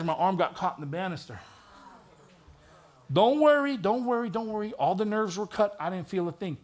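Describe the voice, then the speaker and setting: A middle-aged man, a retired police detective, giving a vivid personal testimony in a church with touches of wry humor. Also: high-pitched.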